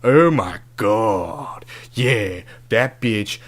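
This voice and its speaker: A man's voice: lowish voice, animated, very slow, heavily acted. A man playing a brash, crude love-advice doctor in a comedic podcast bit, talking in swaggering, profane slang.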